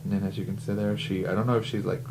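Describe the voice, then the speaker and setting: A man with a fairly low voice talks through a comic book page by page in a loose, chatty way. He leans on "uh" and "you know" a lot and often restarts his sentences. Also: level tone, very fast, gravelly, darkish tone, slight background noise. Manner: chatty, filler-heavy, restarts. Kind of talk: casual comic review.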